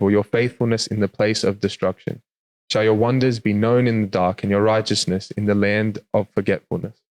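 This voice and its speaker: A man's voice: fairly low pitch, darkish tone. A man hosting a faith podcast, chatting hesitantly with many "um"s and reading scripture aloud. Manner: hesitant, lots of "um"s, laughs easily. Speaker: podcast host.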